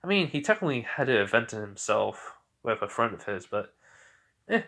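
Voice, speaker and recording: A man voicing an eager teenage boy hero, talking in a casual, halting way with many fillers. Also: medium pitch, sing-song, vocal fry, pushed and bright, heavily acted.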